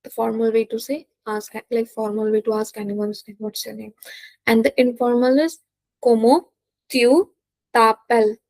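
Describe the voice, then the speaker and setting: A woman's voice: on the high side, flat delivery, moderate pace, gravelly, warm tone, no echo. A young woman teaching a beginner French lesson, patiently repeating each word and checking in with "okay?". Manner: patient, repeats words, says "okay?" often; non-native English phrasing. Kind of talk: slow beginner language lesson.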